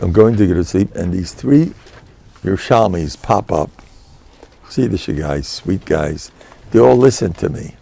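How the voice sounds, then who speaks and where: An older man, a rabbi, telling a chatty, animated story in a lecture, dropping in Yiddish and Hebrew words. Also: sits low, creaky. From United States. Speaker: rabbi giving a class.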